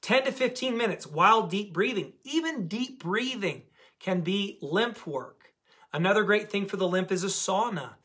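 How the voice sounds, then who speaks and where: A man with a notably high voice speaks straight to his viewers as a diet coach. His talk is animated and emphatic, and he hammers key words by saying them again. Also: normal speed. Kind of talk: casual motivational talk to camera.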